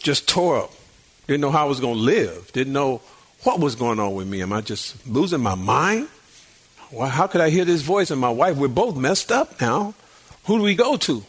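An older man preaches a sermon with a high, lifting voice. He talks to the congregation in a folksy, conversational way, repeating words as he builds up fervor. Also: a bit bright. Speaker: pastor.

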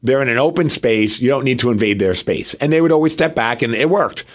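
Animated man telling a story on a podcast. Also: medium pitch, brisk. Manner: animated, acts out quotes of others. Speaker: podcast co-host. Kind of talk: casual storytelling chat.

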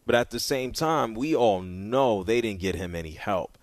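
A man's voice: fairly low pitch, expressive, moderate pace, no echo. A man hosting a sports talk radio show in a casual, conversational way, often stammering and repeating words at a studio microphone.

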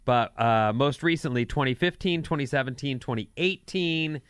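Male morning radio co-host, resonant, relaxed chat and news reads. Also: medium pitch, normal speed, clean tone, no echo. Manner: conversational, reads sponsor copy and sports news.

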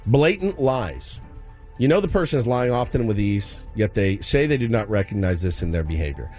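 A man's voice: on the low side, expressive, moderate pace, a little mellow. A joking male co-host bantering on a radio show, his voice swinging up and down animatedly. He laughs easily and rattles off lists with playful asides. A faint music bed sits underneath. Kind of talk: casual banter.

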